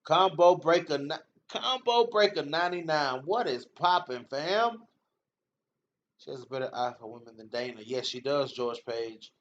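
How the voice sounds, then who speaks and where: A man's voice: on the high side, lively intonation, moderate pace, a little hiss or hum. A man hosting a casual fight-talk livestream, reading comments, slangy and laughing often, repeating himself. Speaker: MMA show host reading live comments. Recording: dull lo-fi stream audio.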